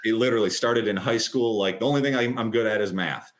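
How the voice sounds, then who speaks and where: A man in his thirties with a fairly low voice, talking as a podcast guest. He is chatty and animated, telling his story in a loose, conversational way and acting out what other people said. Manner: quick, lively retelling with acted-out quotes. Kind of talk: casual storytelling interview.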